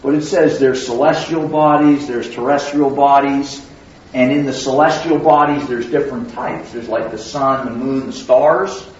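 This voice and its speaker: Questioning preacher in an echoey hall. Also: male voice, medium pitch, fairly even intonation, normal speed, darkish tone, a little hiss or hum. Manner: conversational teaching, asks the listeners questions. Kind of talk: sermon. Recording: very echoey hall, distant mic, dull sound.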